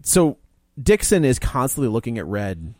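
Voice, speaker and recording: Dude recapping a movie and doing the lines, dry mic, normal pitch. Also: male voice, big pitch swings, moderate pace, a little mellow, dry recording. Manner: acts out characters' lines in retelling. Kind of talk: casual film discussion.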